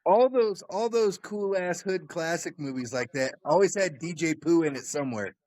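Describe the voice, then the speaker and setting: Male co-host, high voice, casual, short reactive interjections. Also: moderate pace, darkish tone. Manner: short reactions and follow-up questions. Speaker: podcast co-host. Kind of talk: casual chat.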